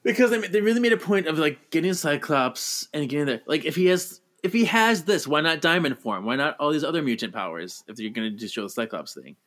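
A man's voice: on the high side, sing-song, fast, hardly any pauses, a bit bright. A man co-hosting a casual movie podcast who chats animatedly, laughs a lot and acts out lines in quoted voices. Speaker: podcast co-host.

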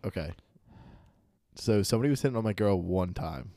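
A young man co-hosting a podcast, telling a story in lively casual chat with swearing. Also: lowish voice, brisk, gravelly, no echo, clean studio sound. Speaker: podcast co-host.

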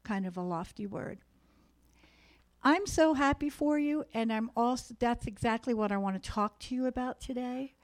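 A woman's voice: on the high side, moderate pace. A woman preaching a sermon in a church meeting room, earnest and exhorting as she speaks to the room.

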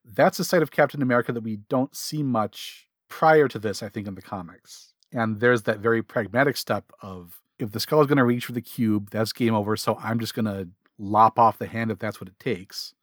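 Quick, self-interrupting podcast man. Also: lowish voice, no echo, clean studio sound. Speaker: podcast co-host. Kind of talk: casual chat about comics.

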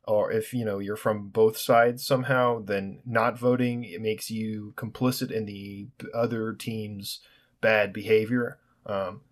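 A young man ranting alone on his podcast, sarcastic and profane, rambling with restarts. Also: lowish voice. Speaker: podcast host. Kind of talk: solo podcast rant.

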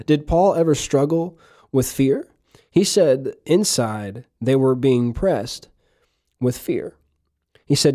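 A man delivering a relaxed, conversational podcast sermon in a mellow, warm voice at an ordinary pitch. He leans on rhetorical questions and slips in chuckling asides. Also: takes it slowly. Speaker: podcast preacher.

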